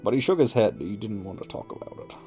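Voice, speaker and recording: A man's voice: on the low side, very animated, quick pace, mellow. A man hosting a casual let's play, reading a visual novel aloud and swearing at his own slips with wry asides. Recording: faint game music behind.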